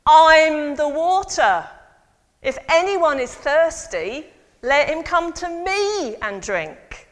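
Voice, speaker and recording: A woman playing a man who boldly shouts out from the back of a crowd. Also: sits high, sing-song, takes it slowly, voice pushed up, exaggerated voice. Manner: bold, shouted interruption. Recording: long church reverb.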